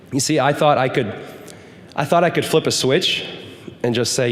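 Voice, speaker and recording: A man's voice: medium pitch, expressive, brisk, slight background noise. A young man giving an earnest, emphatic testimony sermon to a youth group as a guest speaker. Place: church hall. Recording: hall reverb.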